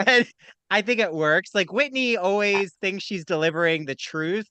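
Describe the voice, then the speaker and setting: A man hosts a casual gossip podcast, joking and teasing as he goes. His voice is bright and smooth, with a crisp, clean sound. The recording is close and dry. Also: high voice, no room sound. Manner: playful, mocking, quick to joke. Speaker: podcast host.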